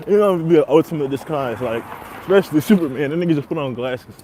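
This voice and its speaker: Young male podcaster, fairly high voice, loose slangy delivery, laughs a lot, faint street noise behind. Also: fairly quick, warm tone. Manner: laid-back, laughs often, slangy and profane. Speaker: podcast host. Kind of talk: casual monologue.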